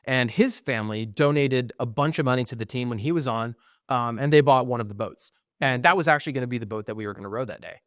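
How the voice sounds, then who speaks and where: This young adult podcast co-host talks fast at a medium pitch, captured cleanly in a dry studio recording. His casual storytelling chat runs long, full of ums, with him performing what people said and cursing when he gets frustrated.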